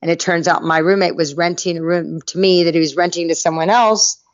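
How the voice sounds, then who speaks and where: A middle-aged woman from North Carolina, a podcast guest telling her life story in a lively way and acting out the people in it. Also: lowish voice, brisk, no room sound, muffled recording. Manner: lively anecdotal storyteller, acts out quoted voices. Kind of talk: storytelling interview.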